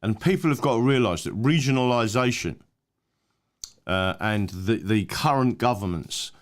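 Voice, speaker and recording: A man's voice: medium pitch, moderate pace. A man hosting his own channel, giving rambling, emphatic political commentary with many fillers and restarts. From England. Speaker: channel host.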